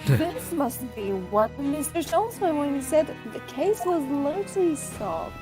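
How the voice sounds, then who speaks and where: A woman voicing a prim, formal young assistant from a video game. Her voice sits high with lively intonation, and faint game music plays behind. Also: normal speed. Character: polite, composed young female assistant. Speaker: player reading game dialogue. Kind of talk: reading game dialogue aloud.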